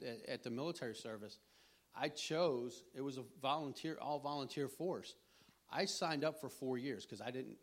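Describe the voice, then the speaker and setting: A middle-aged man giving an informal sermon, rambling and conversational, with frequent restarts and throat clearing. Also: medium pitch. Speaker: preacher.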